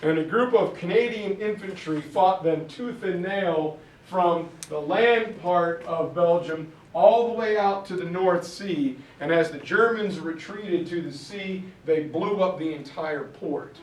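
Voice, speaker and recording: A high-voiced man lectures on history with an animated storyteller's energy. His voice sounds roomy and a little distant from the mic. He slips in quick character voices for the people in his story. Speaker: history teacher. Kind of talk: lecture with acted-out quotes. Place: classroom.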